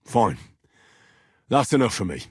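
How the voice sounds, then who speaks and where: Henry, a blunt medieval hero. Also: male voice, fairly low pitch, sing-song, unhurried, slightly rough, no room sound, studio quality, exaggerated voice. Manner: swears in anger, blunt and wry. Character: young male medieval blacksmith's son, blunt and hot-tempered. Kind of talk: video game voice lines.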